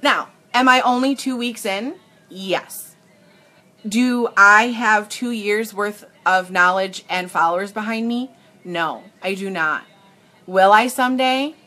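On a tablet microphone, a makeup seller on a live stream takes her time, her mid-range voice pushed and bright. The young woman addresses viewers with earnest emotion and keeps restarting what she's saying.

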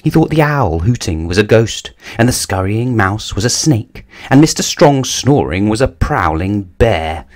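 Lively low-voiced male storybook reader. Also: unhurried, few pauses. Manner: expressive, animated storytelling. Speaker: children's book reader. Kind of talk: bedtime storybook read-aloud.

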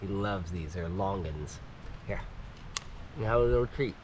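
A man's voice: deep voice, measured pace, noisy background. A man hosting a camping vlog, talking casually and playfully, cooing at a baby goat in a tent at an island campsite. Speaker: vlog host.

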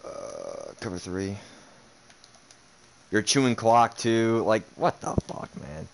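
A young man talks over his own football video game as he plays it, with a low voice. He mutters sarcastic remarks and curses in frustration at his opponent. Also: lively intonation, slow, gravelly. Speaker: gaming streamer. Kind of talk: live game commentary.

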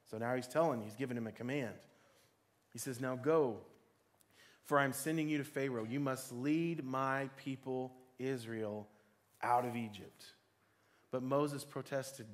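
A man preaching a sermon, retelling a scripture story with animated delivery and calling on the congregation to repeat phrases after him. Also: mid-range voice, moderate pace. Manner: animated storytelling with audience call-and-response.

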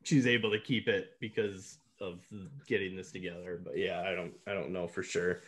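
A man's voice: sits low, fairly even intonation, moderate pace, a bit bright. Rambling male podcast co-host. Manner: rambling, filler-heavy, laughs often. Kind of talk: casual movie podcast chat.

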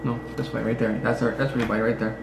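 A man telling stories in a casual chat, animated and joking. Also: medium pitch, fast talker, vocal fry, reverberant, background noise. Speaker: husband on a vlog. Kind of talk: casual storytelling.

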